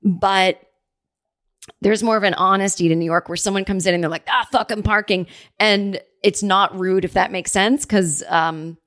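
A woman hosting her podcast from her apartment, telling stories in a chatty, animated way and acting out the people she quotes. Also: medium pitch, moderate pace, no echo, studio quality. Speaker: podcast host. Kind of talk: casual solo storytelling. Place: home apartment.

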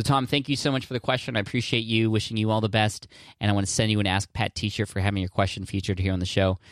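Low-ish voiced guy rambling earnestly on his podcast, lots of uh and restarts, dry close mic. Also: no echo. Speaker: podcast host answering listener questions. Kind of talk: casual solo podcast talk.

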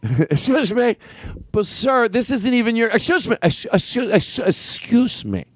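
A man's voice: very high-pitched, very animated, a little slow, dry recording, pitched above the performer's own voice, heavily acted. A man putting on a self-important character who keeps saying "excuse me" with mock indignation. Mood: indignant.

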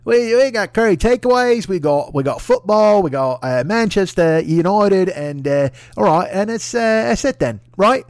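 Man doing a pompous english bloke, put-on english accent, high, loud, drawn-out, dry sound. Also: animated, no echo. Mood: boastful.

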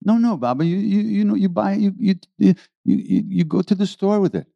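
A man's voice: sits high, a little fast, vocal fry, no room sound, lo-fi sound, voice pushed up. A man voicing a flustered male visitor who stammers as he pleads with a guru. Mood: pleading.

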